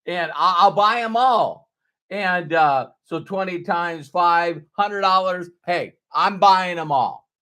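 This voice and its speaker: A middle-aged man speaks straight to camera, earnest and emphatic, circling back to repeat his point. His voice sits high for a man. He talks slowly and deliberately, in a sincere motivational tone. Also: pushed and bright. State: choked up with emotion. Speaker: sales trainer.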